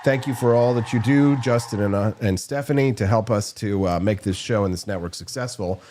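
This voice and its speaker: A man's voice: lowish voice, fairly quick, a little mellow, slight background noise. A man hosting a live morning show, chatting casually and promoting the stream in an upbeat way. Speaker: host.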